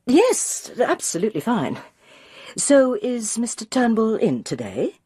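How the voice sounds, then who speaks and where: A woman voicing a gentle, tentative woman feeling her way as an amateur sleuth. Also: a little high, huge pitch swings, measured pace, husky, dry recording, clean studio sound, voice pushed up, heavily acted.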